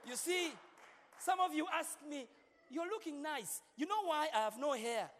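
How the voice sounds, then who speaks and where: A man's voice: very high-pitched, lively intonation, moderate pace, a bit bright, a little hiss or hum. A man preaching as a pastor, playful and joking with his congregation, repeating words as he preaches in a large church. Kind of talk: sermon. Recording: long hall reverb.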